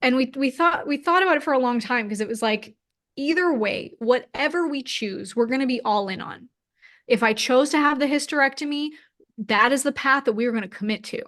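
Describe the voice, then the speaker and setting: A woman's voice: high voice, fairly quick, a bit bright. A woman in her thirties, a guest in an interview, telling a personal story openly and emotionally with many "like" fillers. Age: 30s. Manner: open, emotional, frequent "like" fillers.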